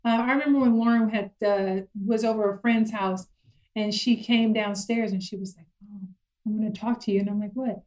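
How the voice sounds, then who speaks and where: Give me a middle-aged woman telling lively parenting stories in a casual chat. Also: mid-range voice, fairly quick, rough recording. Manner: animated storyteller acting out her kids' voices. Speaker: guest parent.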